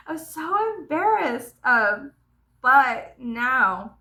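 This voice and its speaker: A woman's voice: extremely high pitch, animated, normal speed, vocal fry, bright, forceful tone. A young woman vlogger telling rambling childhood stories to the camera, swearing freely and laughing as she talks. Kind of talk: casual storytelling to camera.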